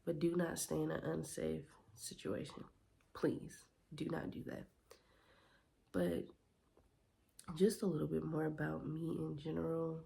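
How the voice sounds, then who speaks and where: Young woman, candid vlogger; dark, mellow tone with heavy vocal fry. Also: low-pitched, measured pace, long pauses. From Las Vegas, Nevada. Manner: candid, heartfelt advice to other moms. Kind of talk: casual talk to camera.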